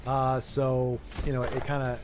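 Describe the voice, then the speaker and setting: A man hosting a casual livestream chat, ranting in an animated way and often cutting himself off mid-sentence. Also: medium pitch, a little slow, over music. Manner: animated, ranting, self-interrupting. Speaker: streamer host.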